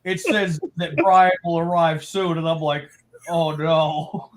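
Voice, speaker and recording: A man's voice: fairly high pitch, fairly even intonation, slow, crowd noise. A man hosting a casual live talk show, telling a funny story with lots of laughter. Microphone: own mic at home.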